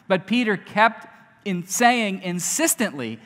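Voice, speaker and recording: A man preaching a sermon as a pastor, conversational and animated, often acting out what people say. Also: sits high, measured pace, long reverb tail. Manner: conversational, animated, acts out quotes. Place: church.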